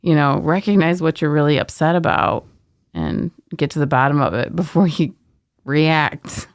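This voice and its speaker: Gravelly-voiced woman telling a story animatedly. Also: sits low, moderate pace, no echo, studio quality. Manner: animated storyteller, laughs through her words. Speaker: podcast co-host. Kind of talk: casual storytelling chat.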